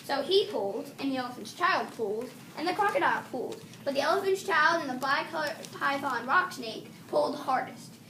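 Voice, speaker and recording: Woman teacher, high voice, reading a storybook aloud, stops to fix slips, distant mic, faint hiss. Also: lively intonation, a little fast, few pauses, sharp tone. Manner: stops to correct herself while reading.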